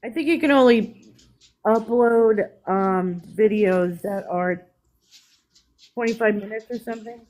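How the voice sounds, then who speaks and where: A woman's voice: on the high side, a little slow, long pauses, a little mellow, poor audio. A woman with a New York accent hosting a live stream, talking candidly in casual chat with restarts. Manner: chatty, candid, with restarts and laughs.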